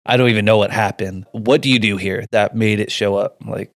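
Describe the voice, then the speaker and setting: Casting: flustered, rambling adventurer, man's own voice, lowish pitch, dry close mic. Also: fairly even intonation, brisk, dry recording, close to an everyday voice. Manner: rambling, flustered, stumbling over words. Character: young man lost after a portal accident. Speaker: player character.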